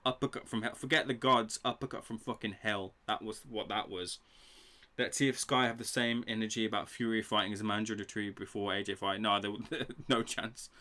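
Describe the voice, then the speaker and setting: A young man hosting a live boxing reaction stream, excitable and swearing freely while he talks to his chat. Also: mid-range voice. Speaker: livestream boxing reaction host.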